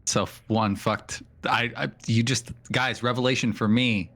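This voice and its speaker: A man's voice: medium pitch, fairly even intonation, a little slow, a bit bright. A man playing a tabletop game, thinking aloud and hesitating as he describes his character's actions. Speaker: player. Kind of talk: casual game talk.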